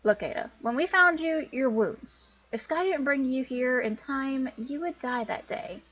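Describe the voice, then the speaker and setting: A woman's voice: high voice, unhurried. A woman voicing a stern male camp doctor and protective father, speaking in a grave, warning tone. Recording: dull lo-fi recording.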